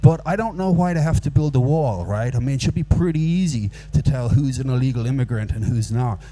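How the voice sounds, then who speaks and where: A man's voice: mid-range voice, a little fast, warm tone. A man from Ireland with an Irish accent, doing a rambling, self-mocking stand-up set into a handheld microphone at a live venue. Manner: rambling, self-mocking, puts on silly voices for quoted people. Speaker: stand-up comedian. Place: live comedy venue with audience.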